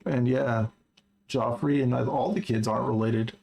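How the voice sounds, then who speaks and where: A man's voice: mid-range voice, steady tone, unhurried, vocal fry, a little mellow, poor audio. A man casually recapping a book he read, chatty and wry with lots of asides. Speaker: book journal vlogger.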